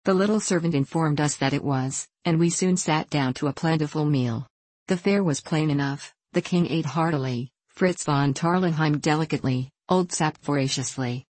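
Woman audiobook narrator, low voice, dry close sound, measured storytelling. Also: darkish tone, no room sound. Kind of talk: scripted narration of a classic novel.

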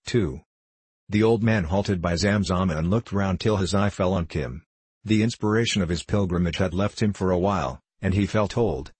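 A man reads a classic novel aloud in a measured storytelling voice. His tone is very deep and slightly husky. The recording is close and dry. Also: dry recording. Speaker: audiobook narrator. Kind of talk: scripted narration.

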